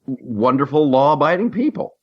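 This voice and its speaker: A man hosting a talk radio show, giving blunt opinions in an animated, joking way. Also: a little high, normal speed, dull audio. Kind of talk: casual political talk radio banter.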